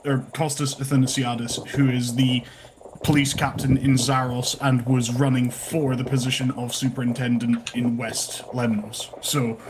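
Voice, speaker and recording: A man's voice: medium pitch, noisy background. A man acting as game master, giving a rambling out-of-character recap of the story and correcting himself as he goes. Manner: rambling, self-correcting explanation.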